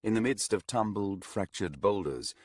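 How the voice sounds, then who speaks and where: A man reading a fantasy audiobook aloud in a measured, low-key narration. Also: lively intonation, dry recording, clean studio sound. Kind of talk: scripted narration.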